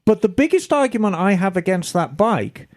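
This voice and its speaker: A woman hosting a podcast, chatting casually and reading listener emails in a lively, storytelling way. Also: medium pitch, normal speed. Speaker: podcast host.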